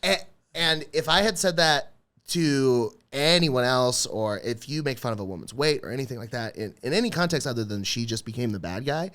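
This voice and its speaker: A man's voice: mid-range voice, lively intonation, normal speed, a bit bright. A man who is a stand-up comedian, a guest on a podcast, talking loosely and profanely with lots of filler words. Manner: loose and profane, heavy use of "like". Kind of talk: casual podcast chat.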